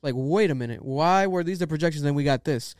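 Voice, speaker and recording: A man's voice: fairly high pitch, quick pace, a little mellow, clear, resonant tone, no echo, clean studio sound. A man hosting a casual podcast, giving loose, profane opinions on music news. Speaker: podcast host.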